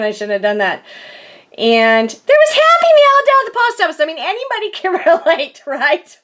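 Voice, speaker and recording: A woman's voice: high-pitched, fairly bright tone. A woman vlogger chatting casually through a crafting haul, rambling with lots of fillers and giggles, nursing a sore back. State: sore back, groans a little.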